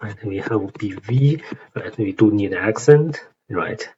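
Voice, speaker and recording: A young man with a Chinese accent talks through a lesson in a low voice, pausing often on fillers and tag questions. The recording sounds dull and lo-fi, with a faint hiss underneath. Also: warm tone. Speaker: language learner explaining song lyrics. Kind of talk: casual tutorial explanation.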